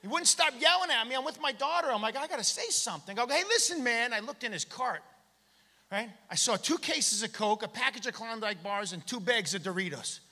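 High, bright stand-up comic in a theater. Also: male voice, fairly quick. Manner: animated, acts out shouted bits. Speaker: stand-up comedian. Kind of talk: stand-up comedy set. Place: theater stage. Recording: long hall reverb from a theater.

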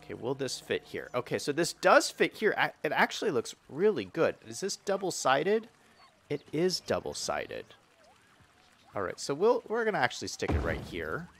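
Speaking at medium pitch and a moderate clip, this young Western U.S. man plays a city-building game on stream. His talk is loose and energetic, full of fillers and false starts as he reads out the chat.

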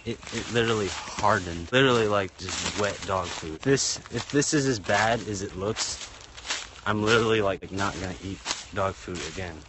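A man's voice: fairly low pitch, normal speed, noisy background. A young man vlogging outdoors in the woods, talking in a jokey, dramatic, complaining way. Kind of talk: casual vlog commentary.

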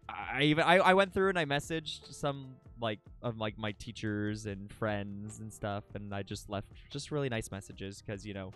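A young man chats live with his stream viewers, rambling emotionally, swearing often and restarting his sentences. His voice is on the low side and the tone is clean.

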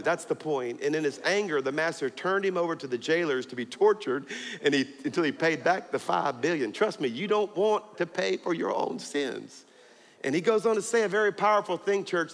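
A man with a bright, high-pitched voice preaching to a church. He tells the story with humor and keeps pushing up to emphatic peaks. A long reverb trails his words around the hall. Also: lively intonation, moderate pace. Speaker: pastor. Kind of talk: sermon. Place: church auditorium.

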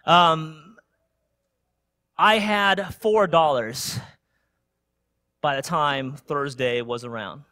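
Young guy preaching a story in church, keeps saying right?, bright voice, dry mic. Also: fairly high pitch, drawn-out words, pauses often, no echo. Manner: animated storytelling with frequent "right?" tag questions. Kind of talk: sermon with personal story. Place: church sanctuary.

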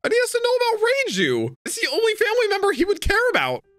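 Young adult, reaction host, loud exclaiming commentary, bright voice, animated pitch. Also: fast, no echo. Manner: loud, exclaiming, swears often. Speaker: anime reaction channel host.

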